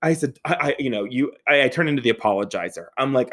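A storyteller from around Pittsburgh shares a funny personal anecdote, animated and profane, laughing often as he acts out what people said. His voice is mid-range and his pace quick.

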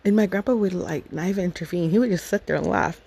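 Woman, 30s, low mellow voice, chatty fond storyteller, faint hiss behind. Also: quick pace, gravelly, rough recording. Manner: rambling, fond, laughs often, many fillers. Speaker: podcast storyteller. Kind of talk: casual personal storytelling.

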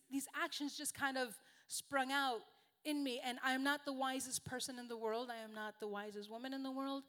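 High-voiced woman preaching, earnest and chatty. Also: fairly bright tone. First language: Spanish. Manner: earnest, conversational, self-deprecating. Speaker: guest preacher. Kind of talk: sermon.

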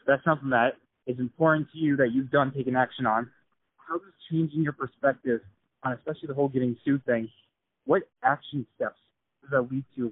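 A man's voice: mid-range voice, husky, dry recording. A man co-hosting a podcast, talking earnestly and motivationally, asking follow-up questions. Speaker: podcast co-host. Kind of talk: casual conversational coaching. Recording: tinny phone-like sound, dry.

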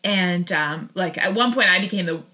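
Bright-voiced woman telling a rambling story. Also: lowish voice, moderate pace. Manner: rambling, self-interrupting, laughs often. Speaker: podcast guest. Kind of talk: casual storytelling interview.

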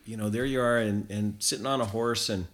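A man's voice: fairly low pitch, fairly even intonation, fairly quick, fairly bright tone. A man from Canada telling a long anecdote as a guest in a casual chat, rambling with lots of fillers and restarts.

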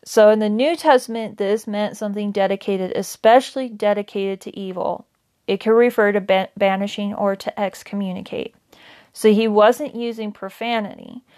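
A woman's voice: medium pitch, steady tone, normal speed, a little mellow. Chatty woman teaching a Bible study. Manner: conversational, many fillers and self-corrections. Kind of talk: casual Bible study talk.

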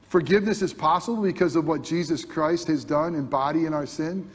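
A man preaching a sermon to his congregation, asking rhetorical questions and swinging between loud emphasis and quiet intensity. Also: high voice, husky. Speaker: pastor. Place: church sanctuary. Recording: long hall reverb.

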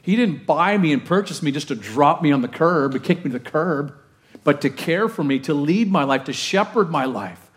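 A male pastor preaching a conversational, animated sermon, often asking the congregation questions. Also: on the high side, moderate pace.

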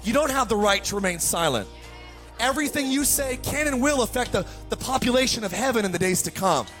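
A man preaching a fired-up sermon to his church, swinging from hushed passages to shouted ones. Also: extremely high pitch, animated, brisk, soft background music. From United States. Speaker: pastor.

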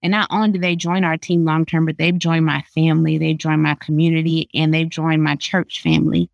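A woman's voice: low-pitched, little pitch movement, a little fast, vocal fry, dry recording, muffled recording. Earnest woman in her thirties, dry podcast mic. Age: 30s. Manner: earnest, open, emphatic testimony. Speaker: pediatrician guest. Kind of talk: faith podcast interview.

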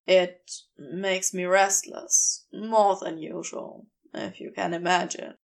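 A woman voicing a flustered, wry male demon with a rough, lowered voice, reading a storybook aloud. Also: steady tone, takes it slowly. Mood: tender.

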